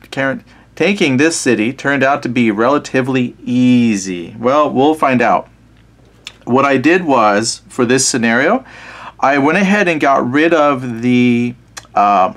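Man, mid-pitched voice, casual solo board game playthrough, thinking aloud, relaxed, self-deprecating, reads scenario text. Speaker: board wargame player and channel host.

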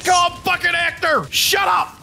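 A man's voice: very high voice, steady tone, normal speed, vocal fry, shouting, a loud crowd, heavily acted. A man playing a brash, foul-mouthed male drill sergeant who barks insults in game voice chat. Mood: angry barking. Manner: barking insults, military radio talk. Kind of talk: comedic gaming role-play.

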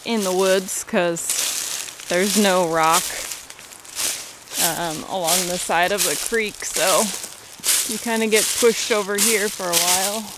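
A young woman narrates her hike along a creek in a chatty, giggly way, swearing casually and fighting off hiccups. Her voice sits at an ordinary pitch for a woman. The camera audio picks up a loud rushing stream behind her. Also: very noisy. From Missouri, USA. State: has the hiccups. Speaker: vlogger. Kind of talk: casual hiking vlog narration. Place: outdoors on a creek trail in the woods. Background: flowing creek water.

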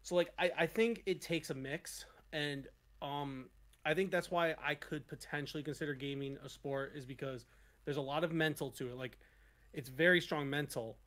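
A man's voice: on the high side, normal speed, a bit bright. A young man talking in a casual podcast chat, hesitant and full of restarts and "like.".

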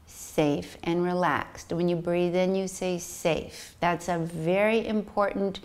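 A woman's voice: lowish voice, vocal fry. A middle-aged woman teaching meditation, talking soothingly and demonstrating breaths and sighs aloud. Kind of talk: guided meditation instruction.

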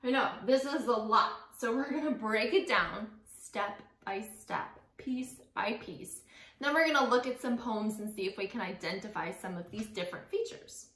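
A woman's voice: on the high side, lively intonation, normal speed, a bit bright. A young woman teaching a lesson to young students, upbeat and often checking in with "right?" and "okay?". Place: classroom. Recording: echoey room.

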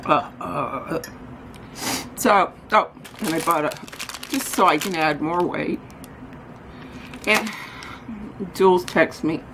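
A woman's voice: fairly low pitch, slow pace, long pauses, noisy background. A woman vlogger chatting casually and rambling through her errands, often joking at her own expense. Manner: rambling, self-deprecating, talks while running errands. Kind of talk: casual vlog chat. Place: out running errands, then at home.

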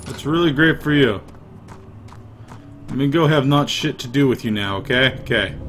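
A man plays a game and talks it through in a profane, irritable mutter at a middle pitch. He swears at the characters and thinks out loud. A faint hum of game ambience sits behind him. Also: moderate pace. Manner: profane, irritable, mumbling to himself. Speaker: let's play gamer. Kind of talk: gameplay commentary.

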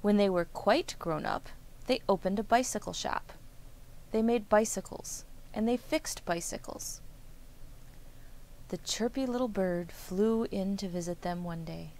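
A woman reading a children's story aloud in a gentle, clear storytelling manner. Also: medium pitch, unhurried.

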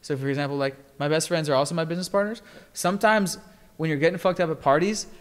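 A man hosting a podcast, talking in a loose, rambling way with many fillers and getting animated as he tells stories. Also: a little high, fast talker, long reverb tail. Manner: rambling, heavy filler words, animated when telling stories. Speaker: podcast host. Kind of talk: casual chat.

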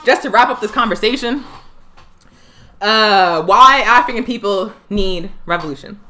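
A woman's voice: mid-range voice, bright, forceful tone. A young woman hosting a live political talk show, fiery and emphatic, hammering points home by repeating phrases. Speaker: political education show host.

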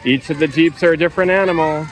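A woman's voice: low-pitched, fast, rough recording. A woman vlogging a family day at an outdoor zoo, playfully teasing and chatting with her kids. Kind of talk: casual family vlog chat.

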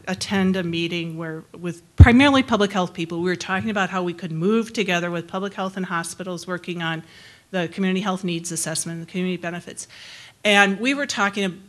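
Plain-spoken woman presenter, lowish voice. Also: fairly bright tone. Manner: friendly, plain-spoken, laughs easily between points. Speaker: public health researcher giving a presentation. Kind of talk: conversational presentation to a forum.

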